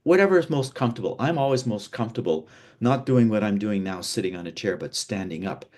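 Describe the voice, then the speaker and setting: Seated indoors away from a window, a fast-talking North American man teaches presentation skills. His pitch swings widely as he demonstrates emphasis, and he keeps restarting phrases in an animated, teacherly way.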